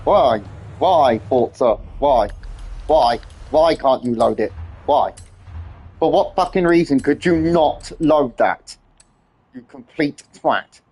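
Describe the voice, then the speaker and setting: A man's voice: a little high, lively intonation, slow, darkish tone, slightly rough. A man ranting and swearing nonstop as he streams a game. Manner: exasperated ranting, heavy swearing. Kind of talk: livestream gaming commentary.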